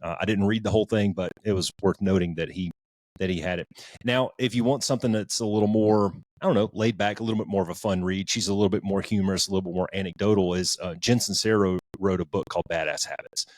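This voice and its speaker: A man's voice: sits low, steady tone, fast talker, darkish tone, dry recording. A man co-hosting a podcast, chatting casually and rambling through book recommendations with restarts and mild swearing. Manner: rambling, frequent restarts, informal and a bit profane. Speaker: podcast co-host.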